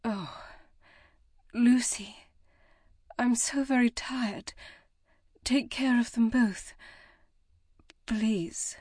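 Woman narrator voicing a weak breathy young noblewoman for an audiobook. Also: a little high, fairly even intonation, slow, few pauses, no room sound, studio quality, voice pushed up, exaggerated voice. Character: exhausted young noblewoman in labour, fading.

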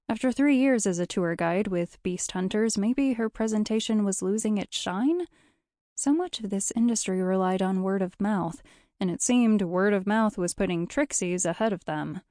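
Female audiobook narrator, warm and measured, close dry read. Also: mid-range voice, no room sound.

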